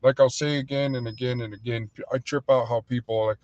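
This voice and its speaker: A man's voice: medium pitch, fairly even intonation, brisk, hardly any pauses, darkish tone, no echo, dull audio. A man hosting a casual livestream, talking in a loose, rambling and heated way, full of fillers. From United States. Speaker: livestream host and restaurant owner.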